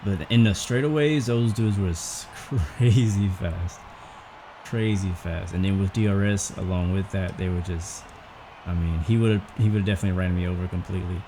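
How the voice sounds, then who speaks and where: Deep-voiced man chatting over a racing game. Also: moderate pace, background noise. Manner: chatty, thinking out loud, rambling. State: out of breath. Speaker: gaming channel host. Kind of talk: casual gameplay commentary.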